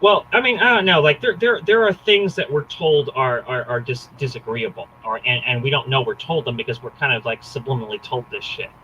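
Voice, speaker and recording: A man's voice: medium pitch, fairly quick, few pauses, sharp tone, lo-fi sound, a little hiss or hum. A man hosting a casual political podcast, rambling with frequent hesitations.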